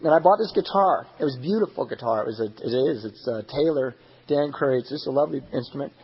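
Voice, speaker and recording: A man's voice: mid-range voice, animated, fast talker, breathy edge, highs cut off. A young man speaking candidly and with self-deprecating humor as the speaker at a recovery meeting. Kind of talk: personal recovery talk. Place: meeting hall.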